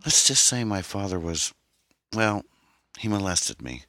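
A man voicing a troubled young woman, an orphan who talks in a hesitant, halting, pained way. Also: low-pitched, very animated, sharp tone, no room sound, studio quality, voice pushed up, full character voice. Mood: guarded, pained.

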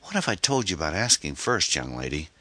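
A man's voice: rumbling low, very animated, fairly quick, sharp tone, breathy edge, no room sound, heavily acted. A man voicing a weary, grieving single mother as he reads a mystery novel aloud. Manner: weary, strained.

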